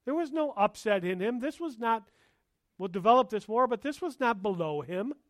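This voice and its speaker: High-voiced emphatic man preaching. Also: animated, normal speed, dry recording, clean studio sound. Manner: emphatic, rising to exclamation on key points. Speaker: pastor. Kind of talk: verse-by-verse sermon.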